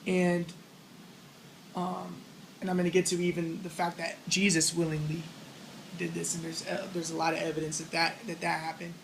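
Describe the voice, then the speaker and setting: A man's voice: fairly high pitch, completely flat delivery, normal speed, creaky, slight background noise, rough recording. A man giving a casual spoken lecture on religion, rambling as he explains and acting out the lines he quotes.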